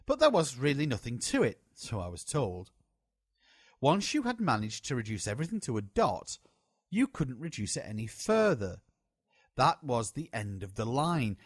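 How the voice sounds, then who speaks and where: A man reading a memoir aloud as an audiobook, in a slow, lively storytelling way. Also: mid-range voice, no echo, clean studio sound. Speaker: audiobook reader.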